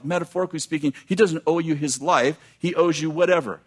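A man preaching a sermon, reading scripture aloud and breaking off into quick, animated asides to the congregation. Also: fairly high pitch.

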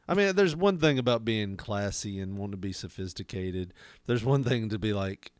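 A man's voice: lowish voice, animated, moderate pace, clean tone, no echo. A man from the American South co-hosting a podcast in a casual chat, laughing often and mocking voices. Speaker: podcast co-host.

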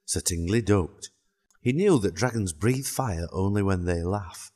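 A man narrating a children's storybook in a calm, even way. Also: sits low, measured pace.

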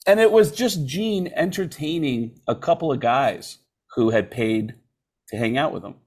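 A man's voice: medium pitch, moderate pace. A man, a comedian guest, telling a story in casual chat and acting out quotes in other voices. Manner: animated, acts out quotes in shifting voices.

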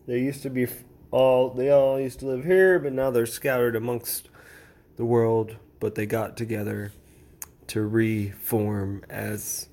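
Slow, rambling man hosting a podcast. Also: lowish voice. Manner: rambling and relaxed, with fillers, jokes and asides. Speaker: podcast host. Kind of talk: late-night casual solo podcast.

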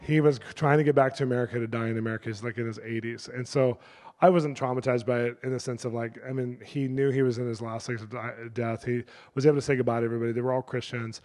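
A middle-aged male pastor preaching a sermon through lively personal stories, acting out the people in them. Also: medium pitch, fast talker, long reverb tail. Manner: animated, acts out the people in his stories. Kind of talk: sermon storytelling.

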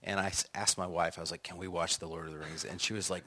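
A middle-aged American man, an author and songwriter, tells stories in conversation with a deep voice, speaking rapid-fire with hardly any pauses. He's animated, acting out quotes and laughing often.

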